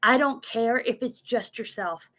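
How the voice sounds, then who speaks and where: A woman's voice: on the high side, a little slow, a bit bright. A woman giving a motivational talk from her notes, earnest, repeating words as she goes and acting out her own inner voice.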